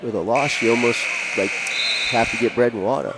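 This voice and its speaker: Chatty man calling high school basketball. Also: brisk, creaky. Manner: chatty, jokey banter with co-host. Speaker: play-by-play commentator. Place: school gymnasium. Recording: noisy gym with ball bounces.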